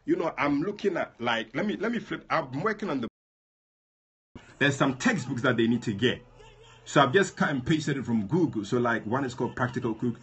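Chatty husky-voiced man on a livestream. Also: mid-range voice, fairly quick. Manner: chatty, animated, addresses viewers by name. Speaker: prophet leading a prayer livestream. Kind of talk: casual livestream talk to viewers.

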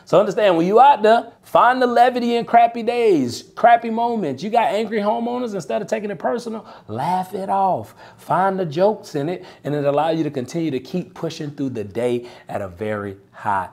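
A man, coaching sales reps in a punchy, animated, preacher-like way, often tagging lines with "right?". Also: high-pitched, normal speed, gravelly, few pauses. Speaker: sales coach and podcast host. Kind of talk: motivational sales coaching talk.

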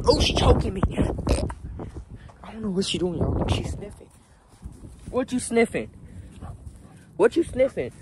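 A man with a high voice chats through a casual vlog outside, his pitch bouncing up and down as he talks to his dog and his viewers. The phone recording carries clear outdoor background noise. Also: sing-song, normal speed, long pauses. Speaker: vlogger.

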